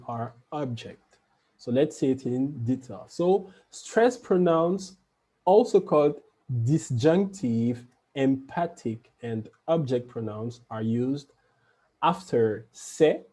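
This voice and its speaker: A man's voice: medium pitch, mellow, breathy edge. A man teaching a French lesson online, patiently repeating each example sentence and explaining it step by step.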